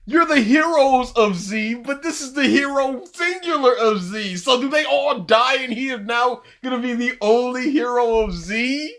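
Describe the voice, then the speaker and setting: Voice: high voice, moderate pace, few pauses, fairly bright tone. A co-host of a live reaction stream, making sarcastic, mocking comments.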